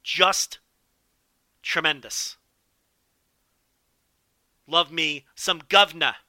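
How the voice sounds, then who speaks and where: Man, high voice, very bright and sharp, dry close sound, excitable wrestling recap, swearing and joking. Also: very slow, no room sound. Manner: enthusiastic, profane, joking riffs. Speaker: wrestling show commentator.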